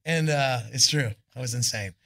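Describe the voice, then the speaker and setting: A man's voice: medium pitch, moderate pace, a bit bright. A man guest telling loose, profane road stories on a live stage, talking into a stage microphone. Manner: loose, profane anecdotes with lots of "I'm all". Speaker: guest musician. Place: arts club stage, indoors.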